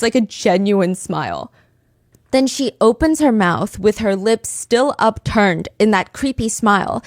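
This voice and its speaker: Animated woman podcast host, dry close sound. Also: medium pitch, dry recording. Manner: animated, conversational, frequent "like". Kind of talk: true crime storytelling.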